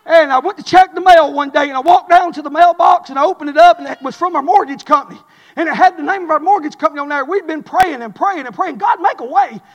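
A pastor preaching a fiery sermon in a church, swinging from hushed and intimate to loud shouting. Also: male voice, very high-pitched, quick pace, highs cut off. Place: church sanctuary. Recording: long hall reverb.

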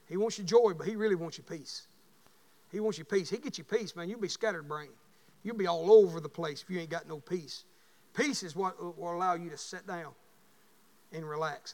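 Fervent preacher man, high voice. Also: in a large hall. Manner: folksy storytelling, rising to fervent shouts. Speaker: pastor. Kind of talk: sermon.

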